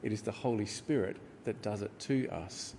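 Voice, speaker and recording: A man's voice: on the low side, gravelly, warm tone, slight background noise. Man preaching in a reverberant hall. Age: middle-aged. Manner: measured teaching tone with filler ums. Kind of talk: sermon. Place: church hall. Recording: reverberant hall with faint ambience.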